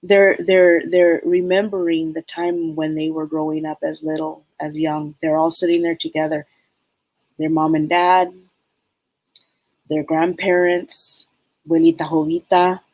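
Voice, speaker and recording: A woman giving a live spirit reading as a psychic medium, rambling and halting with many fillers. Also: low-pitched, little pitch movement, a little mellow, no echo, poor audio.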